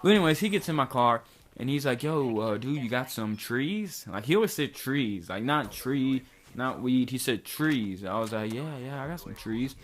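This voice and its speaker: A man's voice: medium pitch, lively intonation, normal speed. A young man from Kentucky casually telling a long rambling story, full of slang and filler words. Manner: rambling, loose slang, lots of likes and dudes. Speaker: vlogger.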